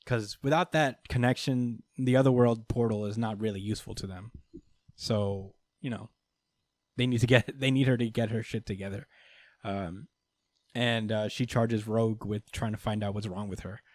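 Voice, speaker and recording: A man's voice: on the low side, fairly even intonation, normal speed, no echo. A man hosting a podcast, recapping comic books in a loose, chatty way, swearing freely and laughing between lines. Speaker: podcast host. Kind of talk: casual comic book recap.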